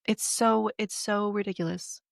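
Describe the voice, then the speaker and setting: A young woman co-hosting a podcast, telling stories in an animated, casual way and swearing freely. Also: mid-range voice, moderate pace, vocal fry, no room sound, studio quality. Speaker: podcast co-host. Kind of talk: casual chat.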